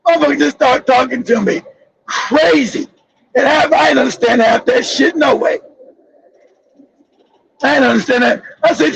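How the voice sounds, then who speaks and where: A man's voice: very high voice, moderate pace, gravelly, long pauses, fairly bright tone, slight background noise, low-quality recording. A man from Los Angeles hosting a live-stream monologue, telling stories in a blunt, profane way. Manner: profane, blunt storytelling with laughs. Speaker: channel host.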